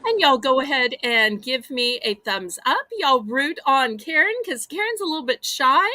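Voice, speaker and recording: A high-voiced woman with a Southern American accent hosts a live home-shopping auction with chatty, animated selling patter. The recording has no echo.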